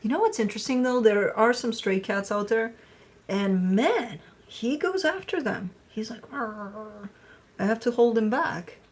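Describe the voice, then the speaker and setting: A woman chatting casually on a live stream, playful and talkative, with a husky voice. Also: on the high side, lively intonation, moderate pace. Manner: chatty, playful, talks to her dog in baby talk. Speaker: tarot reader.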